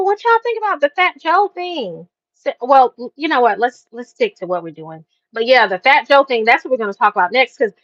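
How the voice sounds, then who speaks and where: A woman hosting a casual chat show, telling stories in an animated way, full of slang. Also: a little high, no echo. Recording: dull dry lo-fi sound.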